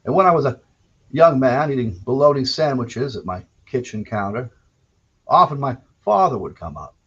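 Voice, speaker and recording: A man putting on the voice of a gentle, folksy male radio storyteller, telling a story in an unhurried way. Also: mid-range voice, very animated, breathy edge. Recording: dull lo-fi recording.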